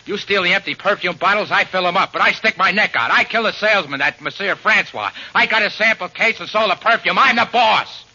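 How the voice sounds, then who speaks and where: An actor playing a tough, bullying crook who heads a gang, in a 1940s radio drama, recorded on old lo-fi radio with hiss. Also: male voice, high voice, fairly quick, hardly any pauses, pushed and bright, full character voice. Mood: threatening. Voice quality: tough, threatening, fake French put-on at times. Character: menacing male crook, bullying, animal-hating. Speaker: criminal gang boss.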